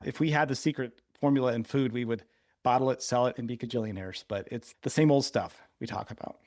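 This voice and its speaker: A man co-hosting a casual podcast at an ordinary middle pitch. He talks in an animated, teasing way and explains things at length. His voice is close and dry, with no room sound. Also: a little fast, no echo. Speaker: podcast co-host.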